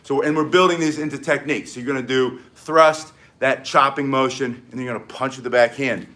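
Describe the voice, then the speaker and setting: An older American man with an excitable, energetic manner, teaching self-defense in a live-streamed martial arts lesson and barking short emphatic commands. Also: mid-range voice, fairly quick. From United States. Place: home in South Florida.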